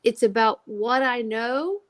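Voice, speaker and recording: Animated woman telling an emotional story. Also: on the high side, takes it slowly. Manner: animated, acts out quoted dialogue. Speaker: guest.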